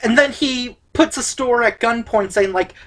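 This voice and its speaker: A woman's voice: fairly high pitch, moderate pace. A woman co-hosting a casual movie review chat, rambling with many fillers. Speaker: co-host of a movie review show.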